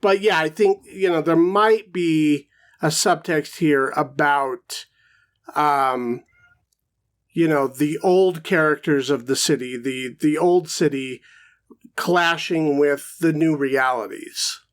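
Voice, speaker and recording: A man's voice: a little high, slow. A man co-hosting a podcast, chatting casually about a film and thinking aloud with lots of fillers. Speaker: podcast co-host.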